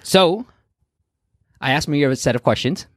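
A podcast host tells a family story in casual chat, playful and quick to laugh. His voice is fairly high and fairly bright at a moderate pace, recorded dry with clean studio sound.

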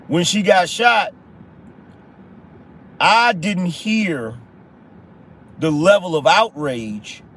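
High-pitched blunt male podcast host. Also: lively intonation, drawn-out words, pauses often, a bit bright. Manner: blunt, emphatic, repeats rhetorical questions; casual slang, swears. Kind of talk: conservative opinion commentary.

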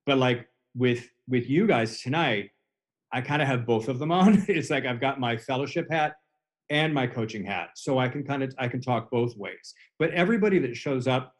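A man's voice: medium pitch, expressive, moderate pace. A man in his forties, a hypnotherapist and coach, explaining his work in an earnest way during a casual podcast conversation. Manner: earnest, explanatory, builds on extended imagery.

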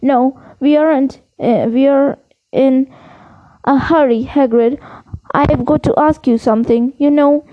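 Storybook read-aloud: a worried, pressing teenage boy wizard, read by a woman, high-pitched. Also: fairly even intonation, a little slow, no room sound. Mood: urgent. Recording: dull lo-fi recording.

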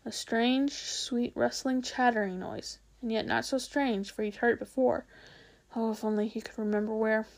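A woman reading a children's novel aloud, expressive and unhurried, with small slips now and then. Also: fairly high pitch. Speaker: storyteller.

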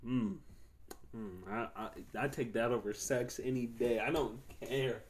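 A man's voice: mid-range voice, fairly even intonation, unhurried. A young man hosting a podcast, telling stories in a loose, slangy, profane way and laughing often. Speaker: podcast host. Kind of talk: casual storytelling chat.

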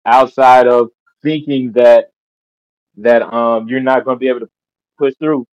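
A man speaks as an interview guest in an earnest way, often stammering and repeating words. His voice is mid-pitched, and the dry audio sounds muffled and lo-fi. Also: fairly even intonation, a little slow, dry recording. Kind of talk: casual interview. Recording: dull lo-fi call audio.

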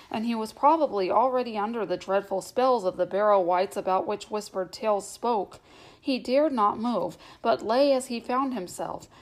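A woman narrates a novel aloud in a steady, measured storytelling manner. Her voice sits at a middling pitch for a woman, and she reads unhurriedly. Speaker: audiobook narrator.

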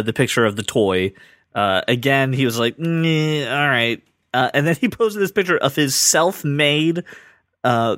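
A man's voice: mid-range voice, a bit bright, no echo, clean studio sound. A man hosting a podcast in casual chat, talking enthusiastically and rambling with restarts. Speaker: podcast host.

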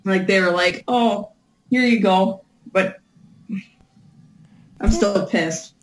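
A woman's voice: medium pitch, takes it slowly, noisy background. A woman co-hosting a casual chat, laid-back and a little hesitant. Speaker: podcast co-host.

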